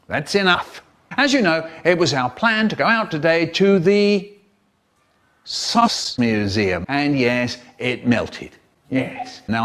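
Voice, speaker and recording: An older man recites comic verse with great theatre, his voice pitched slightly high and roaming wildly from low mutters to sudden high cries. He drops into whispers and bursts into shouts to act out each line. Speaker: storyteller. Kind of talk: chopped-up comic poem recital.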